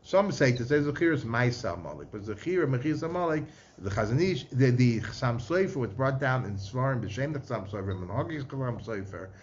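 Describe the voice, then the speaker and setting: A man's voice: medium pitch, animated, a little fast. A man in giving a Torah lecture, chanting verses and weaving Hebrew terms into his talk. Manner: mixes Hebrew and Yiddish-inflected terms into English, chanting verses. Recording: slightly muffled with faint background noise.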